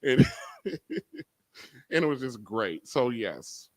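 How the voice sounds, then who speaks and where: A man co-hosting a live cooking show, telling a family story in a relaxed way, laughing along and saying "you know" often. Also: medium pitch, takes it slowly, no room sound. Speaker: co-host. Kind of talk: casual storytelling.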